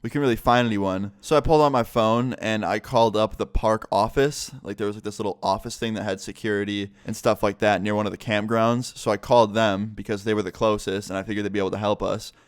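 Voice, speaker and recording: A man's voice: fairly low pitch, steady tone, fast, hardly any pauses, smooth, no echo, studio quality. A young man telling a rambling, swear-filled story for his vlog. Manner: rambling, profanity-laced storytelling full of fillers. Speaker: YouTuber. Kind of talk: casual story time vlog.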